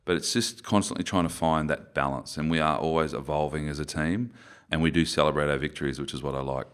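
A very deep-voiced man with an Australian accent speaks in a relaxed interview. He rambles and corrects himself as he tells stories. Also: quick pace, smooth. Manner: rambling, self-correcting storyteller. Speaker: interview guest, former rugby player. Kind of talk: conversational interview.

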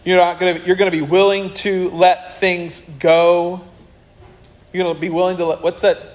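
A man preaching a sermon in an animated way, with joking asides and acted-out quotes. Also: high-pitched, normal speed, rough recording. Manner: animated, jokey asides, acts out quoted people.

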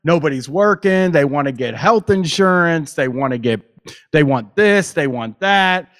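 Exasperated, animated man host. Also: fairly high pitch, measured pace. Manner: exasperated, profane, laughing often. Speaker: podcast host. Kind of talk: casual chat.

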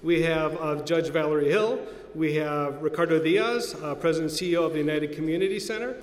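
A man with a fairly high voice emcees a community event, speaking fairly quickly. He makes casual announcements and chattily acknowledges guests in an echoey hall with faint background noise.

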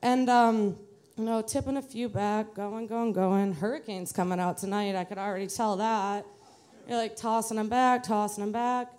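A woman's voice: medium pitch, fairly even intonation, moderate pace, darkish tone, clear, resonant tone. A young adult woman from the Detroit area, telling a live personal story to an audience in a chatty, self-mocking way. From Metro Detroit, USA.

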